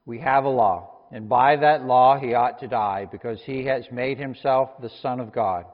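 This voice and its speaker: Hostile religious authorities pressing their accusation, read by a man in a louder, insistent voice. The sound is lo-fi and dull, with a long reverb behind it. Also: medium pitch, normal speed, close to an everyday voice. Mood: accusing.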